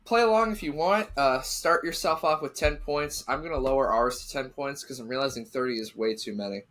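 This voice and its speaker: A young man with a mid-pitched voice talks casually while explaining the scoring. He rambles in a loose, laid-back way, relaxed rather than formal. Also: fairly quick. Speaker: podcast co-host and scorekeeper. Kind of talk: casual chat.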